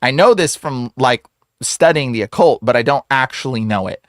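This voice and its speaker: A man who is a guest on the show, telling a story in a casual, slangy way full of "like" and "bro", animated and acting out the voices in it. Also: medium pitch, normal speed, no echo, clean studio sound. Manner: slangy, fills speech with "like" and "bro". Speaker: exorcist guest.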